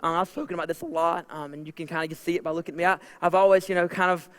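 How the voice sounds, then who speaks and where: A man's voice: on the high side, racing, a bit bright. A Southern man in his thirties preaching a casual, chatty sermon, full of "like" fillers. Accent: Southern American. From American South. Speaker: pastor. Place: church auditorium. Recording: long church hall reverb.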